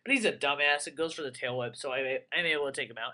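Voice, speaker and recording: A young man giving casual, rambling commentary on a game he plays, excitable and full of crude jokes. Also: fairly high pitch, quick pace. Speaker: let's player.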